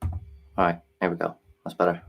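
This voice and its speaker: A man hosting a live stream, talking earnestly and hesitantly while working his software, with frequent restarts. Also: low voice, monotone, a little fast, gravelly, soft background music. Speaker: livestream host.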